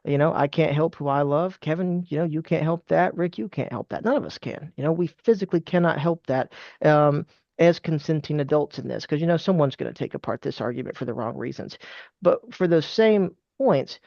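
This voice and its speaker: A man's voice: on the high side, moderate pace, gravelly, a little mellow, dry recording. A man from the Southern United States, a historian guest, speaking in a thoughtful, hesitant way with many fillers in a casual podcast discussion. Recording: dull, lo-fi, dry sound.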